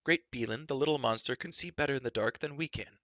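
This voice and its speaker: A man's voice: medium pitch, fast talker, bright, forceful tone, dry recording, dull audio, pitched above the performer's own voice, lightly acted. A man voicing a blustering grown male bard in a storybook reading. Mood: exclaiming.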